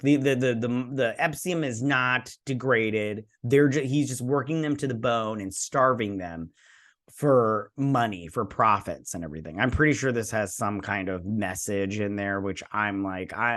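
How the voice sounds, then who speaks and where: Hosting a laid-back TV episode review, this Michigan man wanders through the storyline, retelling it loosely and often starting over. His voice is medium in pitch and a bit bright.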